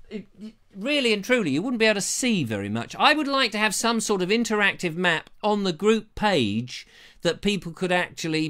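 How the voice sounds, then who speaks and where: Hosting a live show, a British man chats in a jokey, rambling way while reading out viewer comments on a lavalier mic. His voice is fairly high, pushed and bright, with a clear, resonant tone.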